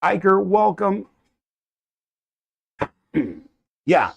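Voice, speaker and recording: A fairly high-voiced American man in his thirties chats live to his viewers from a home workshop. He rambles, welcomes people by name and trips over his words as he goes. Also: sing-song, very slow, vocal fry, slightly rough, dull audio. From United States. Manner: rambling, greets chatters warmly by name, stumbles and restarts. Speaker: livestream host. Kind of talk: casual live chat with viewers.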